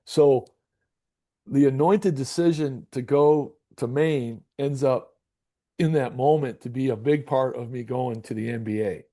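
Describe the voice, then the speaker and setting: A man's voice: medium pitch, unhurried. A middle-aged man from Michigan, a basketball coach being interviewed, telling a long story and acting out the dialogue with frequent restarts. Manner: animated storyteller, acts out dialogue, repeats words.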